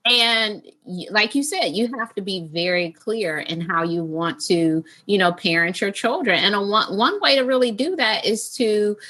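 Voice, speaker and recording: A woman's voice: mid-range voice, lively intonation, normal speed, few pauses, bright, forceful tone. A woman author speaking as an interview guest, candid and earnest, with emphatic phrasing.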